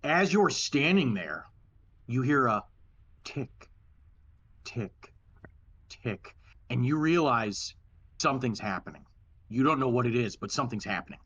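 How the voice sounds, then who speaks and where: A man running a tabletop game as dungeon master, speaking at an everyday pitch. He narrates in a relaxed, halting way, often restarting a phrase. The sound is dull and lo-fi.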